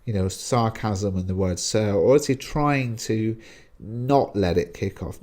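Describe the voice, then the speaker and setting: A man's voice: fairly low pitch, a little slow, a little mellow. A man teaching a lesson, explaining a text in a chatty way with frequent fillers.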